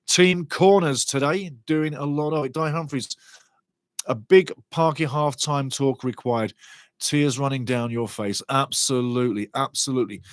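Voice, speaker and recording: Excitable man commentating a live match. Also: fairly high pitch, dry recording. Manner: excitable, partisan, reads chat comments aloud. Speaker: fan watch-along commentator.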